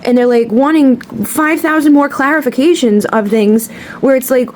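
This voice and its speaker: A woman's voice: high-pitched, moderate pace, a little mellow, a little hiss or hum. A woman giving a tarot card reading to camera, talking bluntly and passionately and swearing freely. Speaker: tarot reader.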